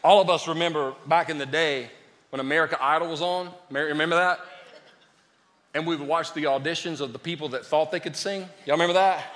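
A man preaching a lively sermon as a pastor, joking with his congregation. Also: high-pitched, in a large hall. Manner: lively, joking with the congregation, calls them "y'all". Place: church sanctuary.

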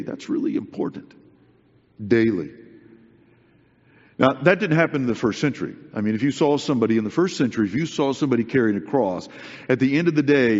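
A male preacher giving a sermon in an earnest, conversational way, stressing points by repeating them. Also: medium pitch. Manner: earnest, conversational, emphatic repetition. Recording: dull recording with long hall reverb.

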